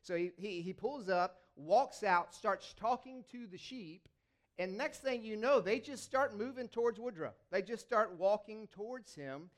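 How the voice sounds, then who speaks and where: A man's voice: high-pitched, animated, unhurried. A man giving a sermon in a conversational, storytelling way, often restarting his sentences. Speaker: lay preacher.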